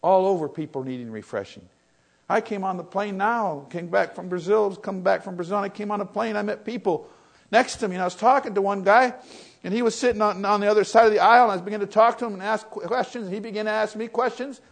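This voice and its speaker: An older man preaching a sermon, telling stories that swing from loud, excited retellings to quiet reflection. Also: fast, gravelly. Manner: storytelling, rises loud and high in excitement, drops to soft and low when reflective.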